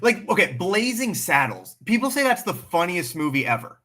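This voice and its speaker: Male livestream host, bright forceful tone, blunt and animated, swears freely, casual off-the-cuff chat. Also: high voice, normal speed.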